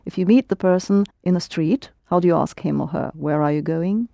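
A woman leads a language lesson, coaxing answers from students and repeating each phrase slowly. Her voice is mellow and close, with no room sound around it. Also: on the low side, creaky, no echo. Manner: patient, prompting and correcting, slows for Russian words. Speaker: Russian language teacher.

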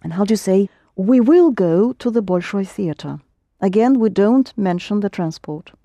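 A woman teaching a lesson, patiently prompting students and correcting them, slowing down to model phrases. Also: medium pitch, lively intonation, dark tone, no echo. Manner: patient, prompting and correcting, slows for Russian words. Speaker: Russian language teacher.

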